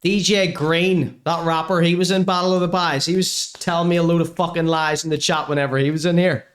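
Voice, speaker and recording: A man's voice: a little high, fairly even intonation, a little fast. A man hosting a comedy podcast, mocking and sarcastic as he reacts to clips. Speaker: podcast host.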